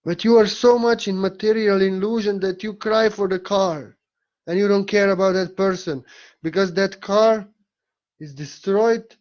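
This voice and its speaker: A man giving a spiritual talk, speaking softly and reflectively with halting pauses, on a dull lo-fi recording. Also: high-pitched, steady tone.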